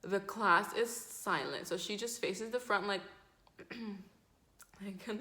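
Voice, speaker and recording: Twenties woman vlogger, storytime rambler, bright and swears a lot. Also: medium pitch, expressive, normal speed. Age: 20s. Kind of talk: casual storytime. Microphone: camera mic.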